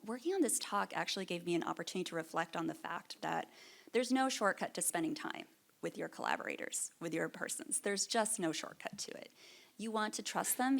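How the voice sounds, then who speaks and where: A woman's voice: fairly low pitch, vocal fry. A middle-aged woman curator giving a reflective conference keynote, earnest and thoughtful, with frequent ums and small restarts. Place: lecture stage at an art fair.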